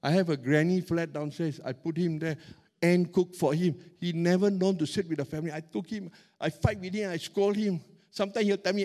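A middle-aged man preaching a sermon as pastor, animated and emphatic, stretching out key words. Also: high-pitched, fairly quick.

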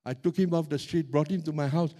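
A middle-aged man preaching a sermon as pastor, animated and emphatic, stretching out key words. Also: a little high, fairly quick.

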